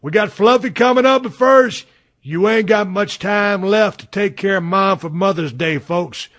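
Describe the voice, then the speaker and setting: A man's voice: sits high, normal speed, a bit bright, dry recording, clean studio sound. A man hosting a podcast, reading ads and chatting in a folksy, profane way with loose grammar. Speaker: podcast host. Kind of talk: ad read and casual chat.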